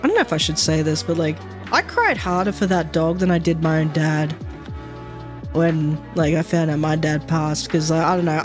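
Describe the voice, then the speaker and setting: A woman streaming, chatting casually and rambling with many fillers and frequent swearing. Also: sits low.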